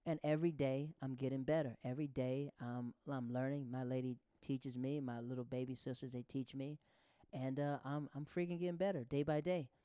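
A man's voice: medium pitch, a little fast, smooth, no echo, studio quality. A man in his thirties doing stand-up, telling rambling stories that interrupt themselves. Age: 30s. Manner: rambling, self-interrupting, animated. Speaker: stand-up comedian. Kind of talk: stand-up storytelling.

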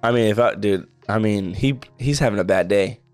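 A man's voice: fairly low pitch, moderate pace, soft background music. A young man from Texas co-hosting a podcast, telling a long rambling story in casual chat and saying "bro" a lot. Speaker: podcast co-host.

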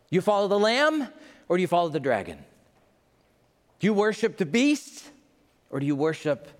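Lively male preacher with a slightly high voice who acts out quotes in his sermon, recorded with a long hall echo. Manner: conversational and animated, acting out quotes. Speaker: pastor.

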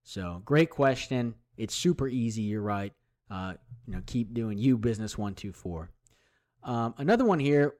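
A man's voice: mid-range voice, expressive, normal speed, darkish tone. Chatty man hosting a hobby podcast. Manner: chatty, rambling, full of fillers and restarts. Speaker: podcast host. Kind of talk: casual solo podcast talk.

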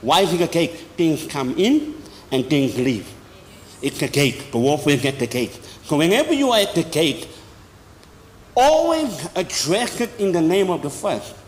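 A man preaching a sermon as an apostle, with sudden loud high bursts and slow emphatic phrases. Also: sing-song. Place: large church hall. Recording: long hall reverb, faint noise.

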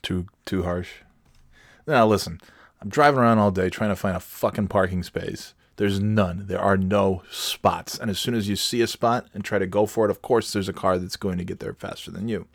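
Middle-aged guy w a cough, low voice, cussing thru a funny rant, super dry close sound. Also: fairly even intonation, moderate pace, creaky, no echo. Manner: profane, self-mocking storytelling. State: has a cough. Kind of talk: casual comedic rant.

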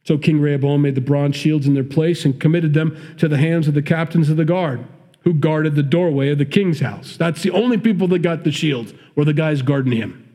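A man's voice: a little high, fairly quick, warm tone. A man with a Midwestern accent preaching a sermon, reading scripture and breaking off into conversational, emphatic commentary. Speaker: pastor.

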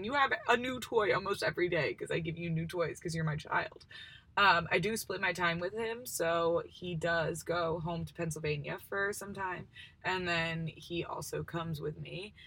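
A woman's voice: fairly low pitch, vocal fry, pushed and bright, husky, no echo. A woman in her twenties hosting a casual solo chat, rambling with many fillers. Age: 20s. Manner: chatty, rambling, lots of "like" and "um". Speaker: podcast host.

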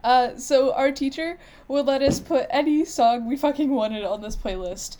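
A woman's voice: high-pitched, normal speed, dark tone. A woman co-hosting a podcast in casual chat, joking, swearing casually and laughing often. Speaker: podcast co-host.

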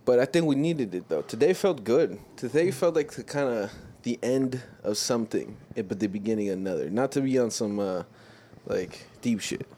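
A man's voice: mid-range voice, lively intonation, moderate pace, mellow, slight background noise. A young man co-hosting a podcast, laid-back and candid in casual chat. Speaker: podcast co-host.

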